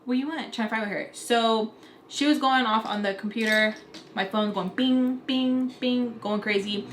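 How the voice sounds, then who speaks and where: At a measured pace and in a slightly high voice, a young vlogger from Utah with an American accent casually shares a personal story. She brings it to life by animatedly imitating her family's voices, recorded in an echoey room with a bit of faint noise.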